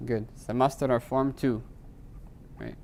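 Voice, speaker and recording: A man's voice: mid-range voice, steady tone, creaky, darkish tone, slight background noise. Man teaching grammar to a class. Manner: quizzes students with frequent rhetorical "right?"; slows to spell out Arabic terms. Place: classroom with students.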